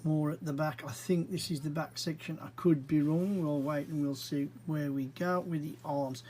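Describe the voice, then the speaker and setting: A man's voice: fairly high pitch, steady tone, darkish tone, slight background noise, rough recording. A man giving casual, rambling commentary as he narrates his own brick model build. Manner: chatty, rambling, unhurried, with frequent fillers.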